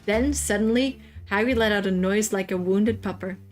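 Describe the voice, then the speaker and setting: A woman's voice: mid-range voice, normal speed, soft background music. Woman reading a comic parody aloud. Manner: swears, laughs at the text. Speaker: streamer reading a parody book. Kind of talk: casual comic read-aloud.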